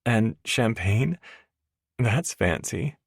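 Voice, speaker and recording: A man's voice: lowish voice, expressive, very slow, gravelly, slightly rough, dry recording, studio quality, voice pushed up, heavily acted. A man voicing a playful young woman in an audiobook romance, light and teasing.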